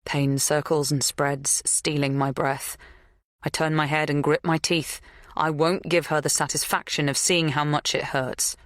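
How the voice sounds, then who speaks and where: A woman narrating a first-person psychological thriller in a measured, tense, intimate way. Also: sits low, level tone, no room sound, clean studio sound. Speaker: audiobook narrator.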